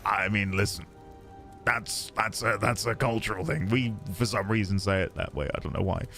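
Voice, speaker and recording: A British man from the United Kingdom streams a game, chatting and rambling casually, laughing easily and answering his chat. His voice is fairly low, creaky and bright, with a forceful tone and normal speed. Faint music plays behind him.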